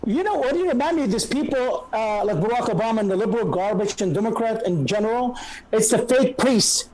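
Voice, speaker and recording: A man with a Sicilian Italian accent talks quickly and bluntly as a guest, swearing for emphasis. His voice comes over a video call, with loud crowd noise behind him. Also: very high voice, low-quality recording. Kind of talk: casual political chat.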